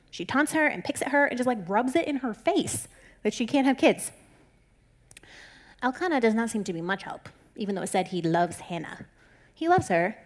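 Young woman doing a casual bible talk, jokes around a lot, high bouncy voice. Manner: chatty, joking, laughs often.

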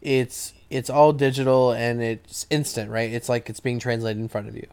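A man in casual podcast chat with a smooth, clear voice at an ordinary pitch. He explains at length, starting and stopping with plenty of fillers. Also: level tone, normal speed, darkish tone. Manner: hesitant, many fillers, explanatory. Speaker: podcast co-host in medicine.

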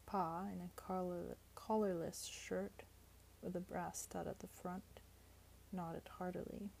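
A woman narrating an audiobook in a steady, measured reading voice. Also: lowish voice, creaky, a little hiss or hum, rough recording.

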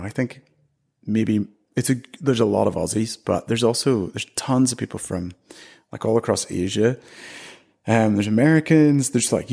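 A man's voice: fairly low pitch, vocal fry, a little mellow, breathy edge. A man in his thirties from Northern Ireland with a Northern Irish accent, chatting casually as an interview guest and laughing often.

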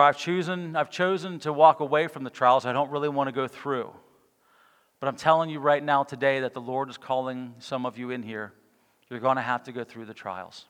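A male pastor preaching a sermon with passion, swinging between loud exclamations and hushed, quiet lines. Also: medium pitch, smooth. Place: church sanctuary. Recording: long reverb of a church hall.

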